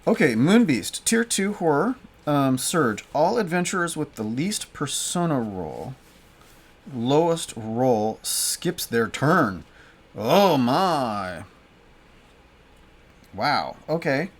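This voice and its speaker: A man's voice: mid-range voice, big pitch swings. A man casually playing a solo card game and reading its story aloud, with lots of fillers and restarts. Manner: halting, many fillers and restarts. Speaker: solo game player and narrator. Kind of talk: casual play-through narration.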